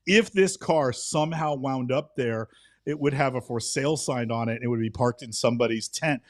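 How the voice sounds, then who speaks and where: A man's voice: mid-range voice, moderate pace, no room sound, studio quality. A middle-aged man co-hosting a podcast, giving blunt, emphatic opinions in casual talk. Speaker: podcast co-host. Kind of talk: casual chat.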